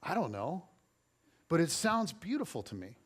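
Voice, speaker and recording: A man's voice: on the high side, normal speed, husky. A man in his forties preaching as a pastor, telling personal stories in a chatty, self-deprecating way with playful humor. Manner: playful humor, animated storytelling. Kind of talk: conversational sermon with personal stories.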